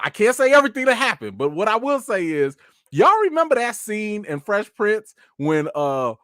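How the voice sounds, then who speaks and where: A man hosting a casual live chat, telling stories in an animated, slangy way and talking straight to his viewers. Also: high-pitched, no room sound, clean studio sound. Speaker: host.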